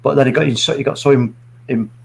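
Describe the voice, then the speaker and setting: A man's voice: medium pitch, fairly even intonation, fast, vocal fry, slightly rough, poor audio. A man hosting a casual video-call chat, rambling and searching for words. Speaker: host.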